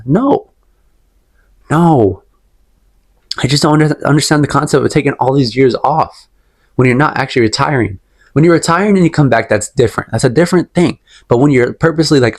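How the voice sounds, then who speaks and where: Young male vlogger, casual rant, emphatic and repetitive, mid-pitched voice, talks his opinions through at length. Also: animated, brisk, gravelly, a little mellow. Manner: rambling, emphatic, repeats himself, sips tea while talking. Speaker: MMA commentary vlogger.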